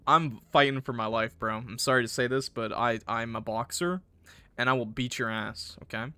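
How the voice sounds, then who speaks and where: A young man reading a visual novel aloud as a gaming creator, breaking off into excitable, swearing reactions. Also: medium pitch, moderate pace, clean tone, no room sound.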